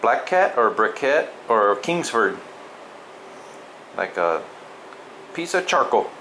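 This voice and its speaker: A man's voice: mid-range voice, takes it slowly, pauses often. A man coaxing a cat in sing-song pet talk, repeating its name and asking it playful questions. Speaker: cat caretaker filming a feral cat. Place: indoors in a building with a cat. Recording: steady air conditioner hum.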